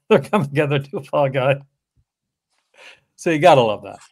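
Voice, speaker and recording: A man hosting a casual livestream about films, speaking at a middling pitch. He talks in a halting, chatty way, circling back and restarting his sentences. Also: expressive, darkish tone. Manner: hesitant, full of fillers and restarts. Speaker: host.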